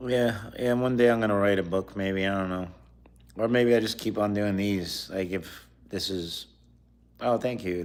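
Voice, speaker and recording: A man's voice: fairly low pitch, moderate pace. A man who is a comedian chatting casually on a live stream, rambling and talking between bites of food. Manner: rambling, talks while eating.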